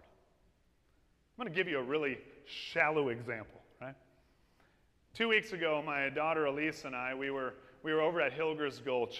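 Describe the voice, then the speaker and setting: A man preaching a sermon, telling stories with lively energy and asking his congregation "amen?". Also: a little high. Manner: lively storytelling with call-and-response "amen?". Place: church. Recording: long reverb of a church hall.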